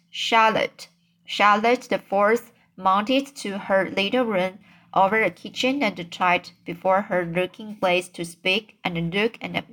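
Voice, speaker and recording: A woman's voice: mid-range voice, a bit bright. A woman narrating an audiobook as an amateur reader, stumbling at times with fillers and restarts. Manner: slow reading with slips, fillers and restarts.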